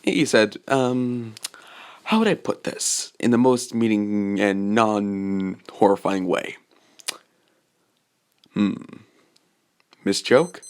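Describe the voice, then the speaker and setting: A man's voice: fairly low pitch, slow, long pauses, darkish tone, smooth. Rambling man telling a fan story. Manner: rambling, full of fillers and asides. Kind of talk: improvised fan-fiction narration.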